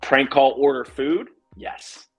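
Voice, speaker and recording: A man in his thirties from Pittsburgh, co-hosting a sports podcast in animated, profane casual chat. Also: medium pitch, slow, slightly rough, soft background music. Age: 30s. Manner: animated, profane, laughs a lot. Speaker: podcast co-host.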